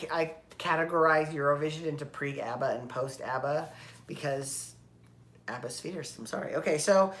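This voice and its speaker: A woman with a deep and slightly bright voice hosts a podcast by herself. Her casual commentary is chatty and meandering, sprinkled with swearing and on-the-fly corrections.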